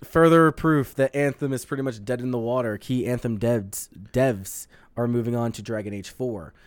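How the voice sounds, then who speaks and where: On a dry recording, a podcast co-host rambles and swears his way through gaming news, reading headlines aloud in a casual chat. His mid-range voice has fairly even intonation and a normal speed.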